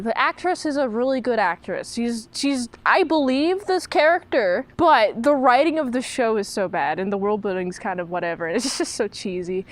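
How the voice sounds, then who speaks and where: A woman's voice: fairly high pitch, moderate pace, few pauses. A woman recapping and reviewing a TV show in a casual, sarcastic way, mocking the characters in put-on voices.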